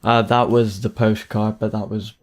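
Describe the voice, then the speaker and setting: A man's voice: on the low side, flat delivery, normal speed. A man playing a game and chatting, dry and teasing, who swears when he trips over his words. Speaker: game player. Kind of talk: joking banter over a game.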